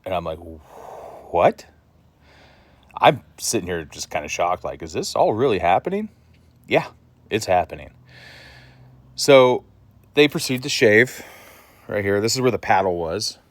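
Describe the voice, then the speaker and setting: A man's voice: lowish voice, expressive, normal speed, long pauses, no echo. A man vlogging to the camera, telling a story in a blunt, casual way and swearing freely.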